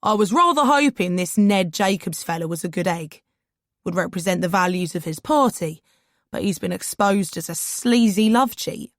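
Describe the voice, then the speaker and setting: A man's voice: high-pitched, expressive, moderate pace, fairly bright tone, no room sound, studio quality. A woman voicing a chatty, gossipy male London cab driver with a Cockney accent. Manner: gossipy, disapproving. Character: chatty middle-aged male London cabbie.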